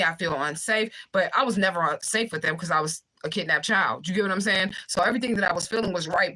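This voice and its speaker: A young woman hosting a livestream, talking fast and bluntly with swearing while she reads out viewer comments. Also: on the low side, pushed and bright, low-quality recording. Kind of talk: fast casual livestream talk.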